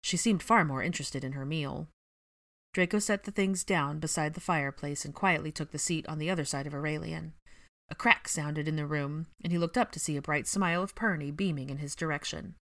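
A woman calmly reading a fan fiction story aloud as narrator. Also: low-pitched, a little fast. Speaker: audiobook reader.

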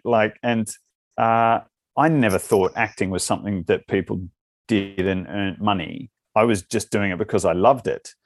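Low-voiced Australian man, dry sound. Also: dry recording. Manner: loose, rambling answers that circle back on themselves. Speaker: actor guest. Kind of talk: casual interview chat.

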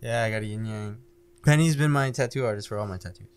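A man's voice: fairly low pitch, fast. A man co-hosting a podcast, telling laid-back stories in casual chat. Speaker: podcast co-host. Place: indoor podcast room.

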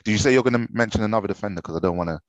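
A young man co-hosting a football podcast, relaxed and chatty, often restarting his sentences. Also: fairly low pitch, rapid-fire, no echo, highs cut off. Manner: relaxed, laughing, hesitant restarts. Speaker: podcast co-host. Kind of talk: casual football chat.

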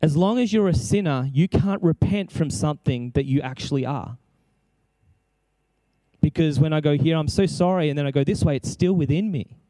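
A man's voice: fairly high pitch, moderate pace, dark tone, no room sound. A man preaching an impassioned sermon, exclaiming and acting out prayers as he speaks.

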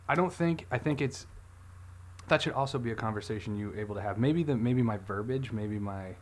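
Halting, rambling male podcast co-host. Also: fairly low pitch, a little hiss or hum. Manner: rambling, halting, many restarts and fillers. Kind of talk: casual podcast chat.

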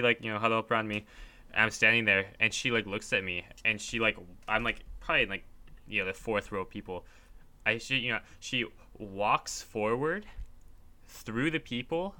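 A man's voice: lowish voice, bright, forceful tone. A young man co-hosting a podcast, telling a story in casual chat, acting out quotes with a laugh. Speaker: podcast co-host.

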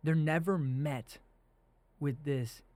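A man's voice: fairly high pitch, slow, darkish tone, no echo. A young man hosting a casual faith podcast, talking earnestly and animatedly about scripture. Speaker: podcast host.

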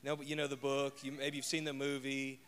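A man's voice: mid-range voice, monotone, a little fast, fairly bright tone, a little hiss or hum. A man preaching a conversational sermon as pastor, joking and telling stories from home. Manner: chatty and joking, tells personal stories.

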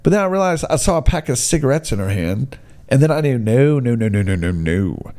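A man tells a story in a casual, ranting way. He is blunt and excitable, and his pitch leaps around a lot. He keeps tossing in "dude" as he goes. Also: fairly quick.

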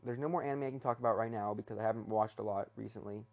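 A man's voice: lowish voice, racing, a little mellow. A young man hosting his first solo talk episode, rambling hesitantly from his bedroom with many fillers and restarts. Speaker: podcast host.

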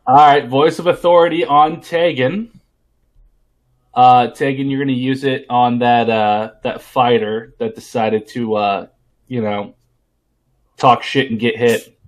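A man running a tabletop game as game master, talking in halting bursts full of fillers. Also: mid-range voice, fairly even intonation.

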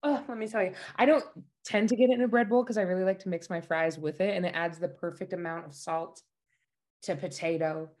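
A woman working as a dialect coach, chatting casually in an interview, bubbly and quick to laugh. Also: on the low side, steady tone, a little mellow. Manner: bubbly, laughs often, enthusiastic about food. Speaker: dialect coach at a themed park. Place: Utah.

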